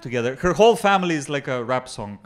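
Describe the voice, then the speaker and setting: A young Macedonian man with a Macedonian accent performing a stand-up comedy set in a club, mixing deadpan jokes with crowd work. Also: mid-range voice, fast. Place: comedy club before a live audience.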